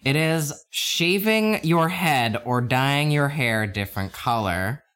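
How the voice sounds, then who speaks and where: A man's voice: mid-range voice, lively intonation, slow pace, fairly bright tone, clear, resonant tone. A man co-hosting a podcast in casual chat, joking absurdly and laughing often. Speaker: podcast co-host.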